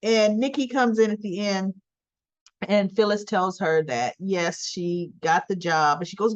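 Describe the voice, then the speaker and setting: A woman's voice: medium pitch, moderate pace, highs cut off. A woman casually recapping a soap opera episode, animatedly quoting the characters' lines in lifted voices.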